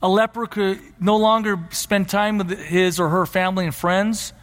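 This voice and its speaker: A man's voice: sits high, fairly even intonation, normal speed, fairly bright tone, long reverb tail. A man preaching a sermon as pastor, emphatic and repeating his key phrases.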